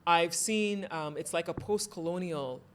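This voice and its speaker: A woman born in Ghana hosting an interview, talking in an animated, storytelling way. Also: on the low side, measured pace, a little hiss or hum. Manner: animated, storytelling, rising emphasis. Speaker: host. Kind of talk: casual interview chat.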